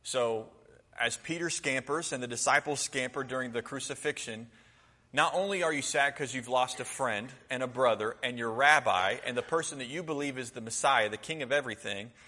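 Male preacher, bright voice, conversational delivery, long hall reverb. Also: mid-range voice, normal speed. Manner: conversational, acts out quotes. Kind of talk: sermon.

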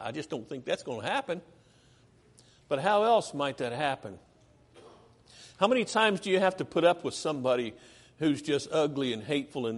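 A man's voice: high-pitched, breathy edge, big-room sound. A man preaching a sermon, asking the congregation questions and acting out whiny complainers in character. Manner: animated, rhetorical questions, acts out whiny complainers.

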